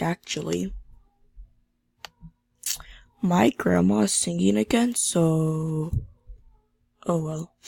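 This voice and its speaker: A teenage girl with a sore throat hosts a gaming channel, giving subdued, casual commentary over gameplay and reading chat messages aloud. Her voice is fairly low, gravelly, dark and slightly rough, recorded in clean studio sound with no echo.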